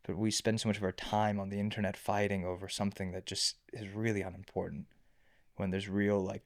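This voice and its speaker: A man on a faith podcast, telling stories in casual chat, animated and rambling, full of restarts. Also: fairly low pitch, brisk.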